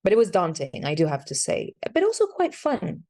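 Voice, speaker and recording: A woman's voice: on the low side, wildly swooping pitch, a little fast, warm tone. A woman, an actress chatting in an interview, searching for words as she talks. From Sweden. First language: Swedish. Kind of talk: casual interview answers.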